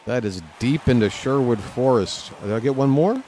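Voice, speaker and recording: A man streaming live gameplay from a lounge chair at home, talking to the game and reacting loudly as he plays. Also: medium pitch, animated, slow, gravelly. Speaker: gaming streamer.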